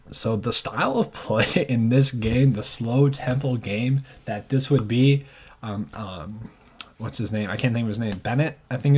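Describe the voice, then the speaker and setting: Casual man talking through bracket picks on his own channel; low-ish voice, unhurried and hesitant. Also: husky. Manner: thinking aloud, hesitant, frequent fillers. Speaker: sports channel host.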